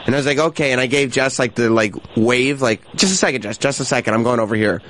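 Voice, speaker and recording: A male talk show host with a mid-range voice tells lively anecdotes and laughs between lines. A faint hiss sits underneath the talk. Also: medium pitch, fast. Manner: animated storyteller, laughs through his anecdotes. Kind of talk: casual radio chat, storytelling.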